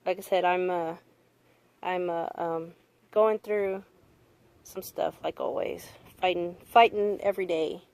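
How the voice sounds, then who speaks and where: Halting young Southern woman vlogging. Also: fairly low pitch, vocal fry, darkish tone, rough recording. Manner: halting, full of fillers and restarts; candid and swearing. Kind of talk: casual confessional vlog. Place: home room. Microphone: phone on a stand.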